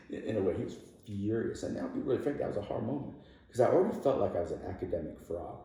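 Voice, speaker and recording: A man with a deep, mellow voice tells an emotional story from his life as a podcast guest. He laughs often and grows animated as he retells it. He sits back from the mic in a strongly echoing room. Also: quick pace. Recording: very roomy echo, distant from mic.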